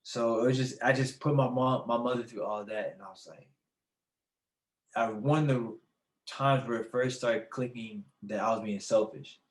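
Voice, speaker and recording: A young adult man, a podcast guest, telling a personal story in casual, animated talk and laughing often. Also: medium pitch, normal speed, echoey room.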